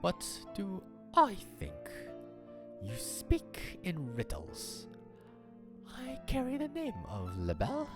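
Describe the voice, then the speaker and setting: A streamer voicing a proud, formal young male bird aristocrat in a raised, breathy half-whisper while reading a game aloud. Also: on the low side, huge pitch swings, slow pace, music in the background, pitched above the performer's own voice, full character voice. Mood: haughty. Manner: proud, stiff and formal, sighing.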